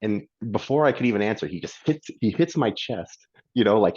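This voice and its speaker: A middle-aged man, a former pro wrestler, telling a story in a casual, animated way and acting out the lines of the people in it. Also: lowish voice, fairly quick, muffled recording. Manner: animated, acts out quotes of others.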